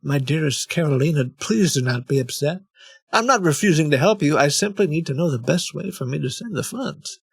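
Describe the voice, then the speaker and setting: A man playing a stiffly courteous chatbot suitor, whose replies are read in a formal, even way. The voice is gravelly and recorded close and dry. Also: a little high, fairly quick, no echo, full character voice. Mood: soothing.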